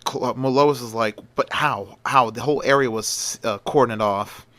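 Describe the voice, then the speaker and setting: A man's voice: medium pitch, moderate pace, dry recording. A man narrating a homemade story in a casual, rambling way, full of fillers and restarts.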